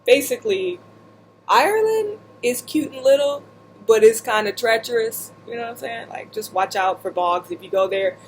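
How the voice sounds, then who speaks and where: A woman vlogger telling a humorous personal story while seated indoors, animated and slipping into voices and asides. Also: fairly high pitch, normal speed, a little hiss or hum.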